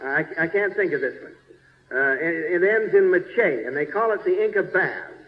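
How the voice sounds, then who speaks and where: A man's voice: a little high, animated, normal speed. A man, a church bishop, narrating a slide show in a folksy, chatty way, checking in with his listeners and groping for place names. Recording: dull 1970s recording with long reverb.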